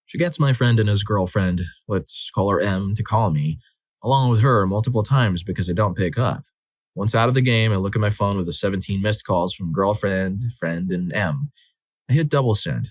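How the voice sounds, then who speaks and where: A man with a lowish voice reads stories aloud, one after another, at an even, steady pace. The recording is close and dry, with no room sound around him. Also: moderate pace, no echo. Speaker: story narrator. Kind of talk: scripted narration of reader stories.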